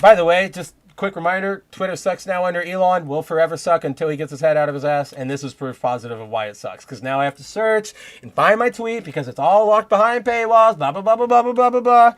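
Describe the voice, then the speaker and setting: A young man hosts a podcast, rambling through casual commentary with many restarts and heated bursts of profanity. His voice is a little high and fast, with few pauses.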